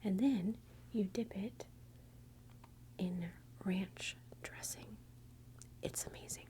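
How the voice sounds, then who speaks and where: A woman's voice: medium pitch, slow, mellow. A woman from Texas with a Texan accent, whispering close to the mic as she hosts rambling, self-interrupting ASMR commentary. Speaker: ASMR channel host.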